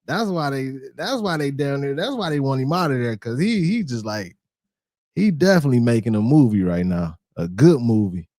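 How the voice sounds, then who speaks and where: A man's voice: medium pitch, animated, normal speed, darkish tone, no room sound, clean studio sound. A man co-hosting a reaction video, joking and sounding incredulous. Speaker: reaction channel co-host. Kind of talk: casual reaction commentary.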